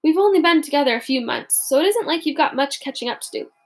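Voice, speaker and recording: A woman's voice: high voice, expressive, quick pace. A woman reading an easygoing young soldier. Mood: friendly. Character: friendly young male soldier giving advice.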